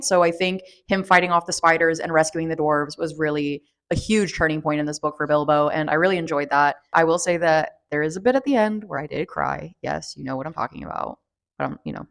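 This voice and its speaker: A woman's voice: lowish voice, a bit bright. A woman chatting casually through a book review vlog, rambling with lots of fillers and restarts. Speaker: book vlogger.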